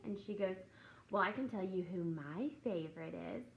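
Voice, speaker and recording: A woman's voice: on the low side, normal speed, gravelly, slight background noise, low-quality recording. A woman who teaches and hosts a faith talk, chatting casually and acting out classroom conversations as she tells a story. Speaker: teacher and Christian video host. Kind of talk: casual devotional talk to camera.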